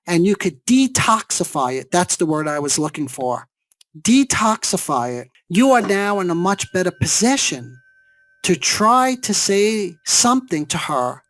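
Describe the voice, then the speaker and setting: A man's voice: sits high, sing-song, a little slow, a bit bright, no room sound. Man lecturing with "right?" questions. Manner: explanatory, rhetorical questions with "right?". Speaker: psychologist teaching a seminar.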